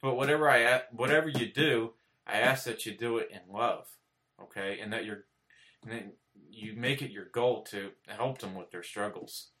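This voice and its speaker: A man preaching informally to camera indoors speaks at a moderate pace with a sharp, medium-pitched voice. Earnest and plain, he checks in with "okay?" again and again, restarts, and climbs to emphatic repetitions.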